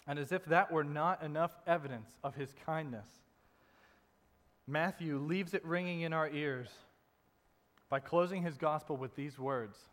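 A man preaching a sermon in a conversational way, dropping soft and low to stress a point. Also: a little slow. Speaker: pastor. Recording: long reverb in a hall.

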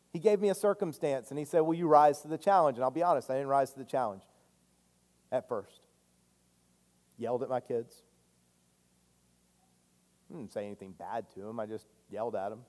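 Earnest pastor preaching in a reverberant church. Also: male voice, medium pitch. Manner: earnest, confessional, swinging from loud to hushed. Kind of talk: sermon. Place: church sanctuary. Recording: long hall reverb.

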